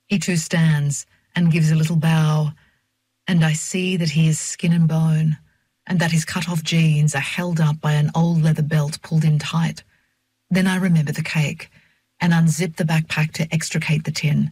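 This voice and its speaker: An older woman reads a first-person story in a measured, reflective voice. Her tone is husky and breathy. The recording is close and dry, with no room sound. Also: sits low, steady tone, darkish tone, dry recording. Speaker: narrator. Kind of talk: first-person audiobook narration.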